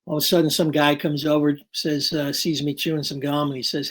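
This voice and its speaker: A man's voice: fairly high pitch, fast, few pauses. A man in his sixties, a weekly guest on a talk show, telling an anecdote in a casual way and acting out the people he quotes. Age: 60s. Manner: animated storyteller acting out quotes. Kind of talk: casual storytelling.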